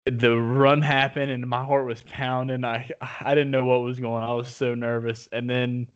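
A man in casual sports talk, telling a game story with excited, rambling restarts. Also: medium pitch, moderate pace, clean tone. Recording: dull lo-fi audio.

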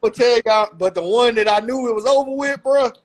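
A man with a strikingly high voice co-hosts a casual podcast chat. He tells profane, joking stories and throws in quotes of himself. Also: a little fast, crowd noise. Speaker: podcast co-host.

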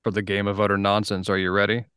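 A man's voice: lowish voice, completely flat delivery, fast talker, fairly bright tone, clear, resonant tone, no room sound, studio quality. A man hosting a casual podcast interview, chatty and easygoing, laughing often as he explains things. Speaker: podcast host.

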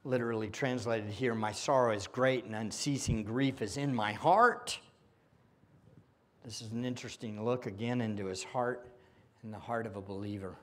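A man preaching a sermon as pastor, moving from hushed whispers to loud emphatic exclamations. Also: fairly low pitch, fairly even intonation, normal speed. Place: church sanctuary.

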